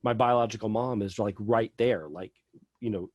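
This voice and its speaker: A man's voice: on the low side, moderate pace, a little mellow, no echo. A middle-aged man telling a personal story as a podcast guest, rambling with lots of fillers.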